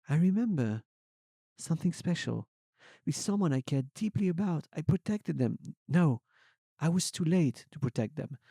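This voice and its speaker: A young man streamer reading fan fiction aloud as a comic dramatic reading, swinging between hushed and loud. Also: a little high, big pitch swings, a little fast, no echo, studio quality.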